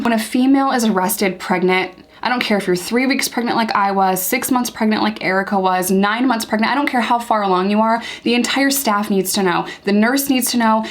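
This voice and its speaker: A woman in her thirties giving earnest, emotionally charged commentary to camera as a vlogger. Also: a little high.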